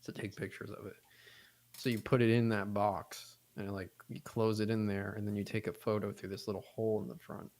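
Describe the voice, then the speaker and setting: A young man with a fairly low voice rambles through a story in loose podcast chat. He swears freely and slips into the voices of the people he quotes. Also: brisk. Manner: rambling, profane, animated retelling with quoted voices. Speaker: podcast co-host.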